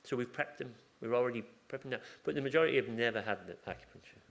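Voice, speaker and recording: He rattles along very fast in a creaky, mid-range voice. The man is an acupuncturist with a hospital surgery team, speaking informally at a conference with questions from the floor and acting out dialogue from the ward.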